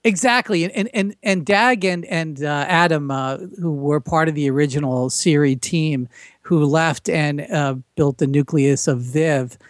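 A man's voice: on the high side, a little slow, no room sound, studio quality. A man speaking as a guest on a casual podcast, eager and talkative, often stumbling and restarting his sentences. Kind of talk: casual interview.

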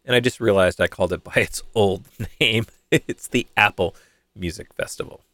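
A man hosting a solo tech news podcast, chatty and conversational, with fillers and quick self-corrections. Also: lowish voice, sharp tone, dry recording, studio quality. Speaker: podcast host.

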